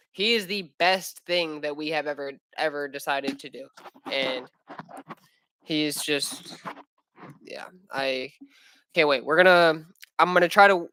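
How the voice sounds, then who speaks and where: A man's voice: a little high, bright, forceful tone, no room sound, rough recording. A young man chatting casually on a livestream at home, rambling in slangy, profane talk full of fillers. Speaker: aspiring MMA fighter streaming. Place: at home with his young son.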